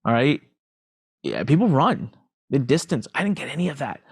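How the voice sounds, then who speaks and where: A middle-aged man, a podcast guest, telling his story candidly in an emphatic, animated way and repeating phrases for emphasis. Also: medium pitch, normal speed, husky, no room sound, clean studio sound.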